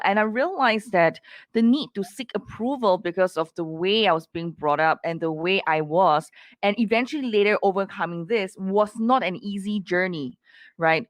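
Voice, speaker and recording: A woman's voice: medium pitch, no echo. Woman host with a dry, close sound. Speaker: podcast host. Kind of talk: interview questions.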